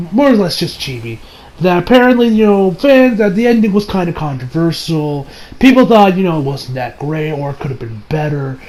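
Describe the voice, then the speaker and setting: A man giving a casual, rambling recap of an anime episode, full of filler words and restarts, sometimes breaking into excited laughter. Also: sits high, rough recording. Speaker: anime reviewer.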